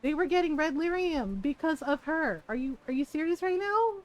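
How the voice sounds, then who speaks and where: A woman's voice: sits high, animated, normal speed. A woman streamer giving casual, profane, mock-outraged commentary while playing a video game.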